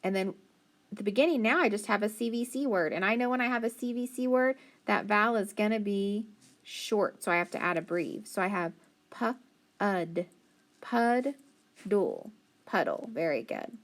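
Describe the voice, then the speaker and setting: A woman teacher giving a phonics lesson, sounding out words slowly syllable by syllable and praising often. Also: medium pitch.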